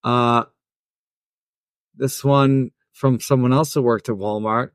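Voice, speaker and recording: A man's voice: mid-range voice, steady tone, slow pace, clear, resonant tone, no room sound, studio quality. A man co-hosting a podcast, reading out customer stories and joking crudely. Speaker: podcast co-host. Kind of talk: casual chat and impressions.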